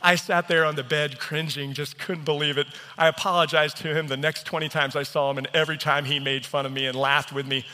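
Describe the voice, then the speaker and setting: A man's voice: fairly high pitch, little pitch movement, brisk, few pauses, bright, forceful tone. A man preaching a sermon as pastor, telling stories on himself in an earnest, self-deprecating way. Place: church hall. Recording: reverberant church hall.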